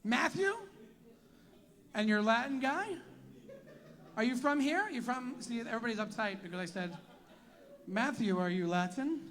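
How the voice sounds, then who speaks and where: High-pitched male stand-up comic, brash, teasing, foul-mouthed crowd work. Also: lively intonation, moderate pace, pauses often, fairly bright tone. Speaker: stand-up comedian. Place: tent venue with a live audience.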